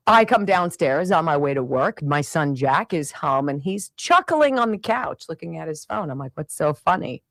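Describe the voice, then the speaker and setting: A middle-aged woman hosts a radio show, spinning a family story in a low-pitched voice that swings widely up and down. She talks in an exasperated, animated way and acts out the other people's lines. The sound is close and dry. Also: no echo. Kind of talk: storytelling monologue.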